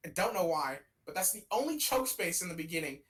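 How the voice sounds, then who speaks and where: A man's voice: high voice, big pitch swings, a little fast, a bit bright, rough recording. A young man co-hosting a casual gaming podcast, rambling and swearing as he ranks characters. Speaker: podcast co-host.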